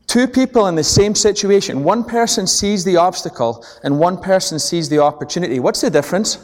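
A man's voice: a little high, normal speed. A middle-aged man with a Scottish accent giving a business seminar, telling stories with energy and checking in with the audience. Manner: animated storytelling, checks in with the audience. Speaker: seminar speaker. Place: large presentation hall. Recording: long echo of a large hall.

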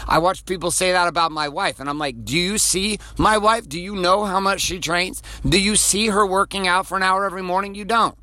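A man delivers a motivational podcast monologue in a forceful, tense voice pitched a little high. He speaks bluntly, swears freely and stacks repeated rhetorical questions to push his point home. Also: fairly quick, hardly any pauses, no echo. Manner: repeats phrases for emphasis. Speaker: podcast host.

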